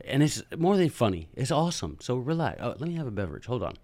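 A man hosting a podcast, telling a story in a chatty, animated way with jokey asides. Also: mid-range voice, quick pace, dry recording. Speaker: podcast host and teacher. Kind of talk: casual storytelling monologue.

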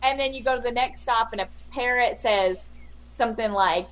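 Podcast co-host, a woman with a fairly high voice, chatty and exasperated, acts out every quote. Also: moderate pace, slight background noise. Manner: animated storyteller, acts out quotes in exaggerated voices; exasperated, rambling complaints. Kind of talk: casual chat.

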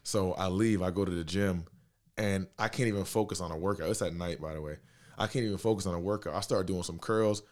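A young man in his twenties, telling a story in a casual chat, slangy and animated, acting out the dialogue. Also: low voice, fast. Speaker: podcast guest.

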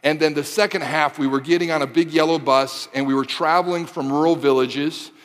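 Preaching briskly in a large hall, a Michigan pastor in his forties from around Detroit speaks in a higher voice with fairly even intonation. He mixes casual asides to the crowd into a sermon that builds toward fervent repeated lines.

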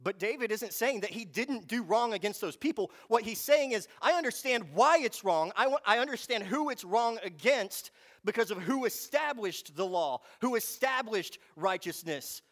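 A man preaching a sermon, moving between quiet reflection and fervent, emphatic passages. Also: high-pitched, lively intonation, normal speed. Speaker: pastor.

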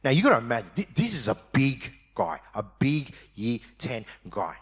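His voice mid-range and slightly rough, a preacher tells a personal story with energy during a sermon testimony, voicing his younger self. Tender moments bring him down to a quiet, slow delivery.

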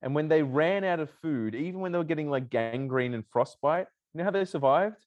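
Enthusiastic male co-host, animated pitch, rambles with fillers. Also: brisk, highs cut off. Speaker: podcast co-host. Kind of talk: casual chat.

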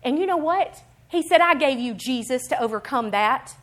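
An animated woman preaching a sermon with a slightly high voice. She moves from quiet, plain teaching to loud, emphatic declarations. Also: moderate pace. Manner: acts out other people's voices in quotes.

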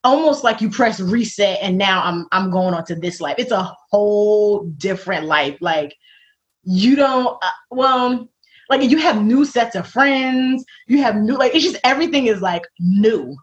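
A woman as an interview guest in casual faith-centred chat, animated and laughing often, acting out the voices she quotes. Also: mid-range voice, a little slow. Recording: dull lo-fi recording.

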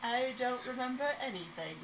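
A woman playing in a tabletop game, speaking in a slow, sing-song way. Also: on the high side, animated, noisy background. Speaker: player. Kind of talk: casual chat.

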